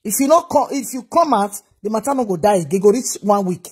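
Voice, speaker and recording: Husky Nigerian woman giving preachy advice. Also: medium pitch, animated, brisk, darkish tone. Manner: preachy, repeats her advice. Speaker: commentator. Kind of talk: reaction commentary vlog.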